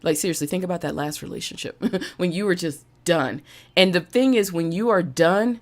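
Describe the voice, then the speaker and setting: A woman's voice: fairly low pitch, normal speed. A woman hosting a live-streamed motivational talk, emphatic and repeating phrases for emphasis, with an occasional cough. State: coughing now and then. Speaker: podcast host and business coach.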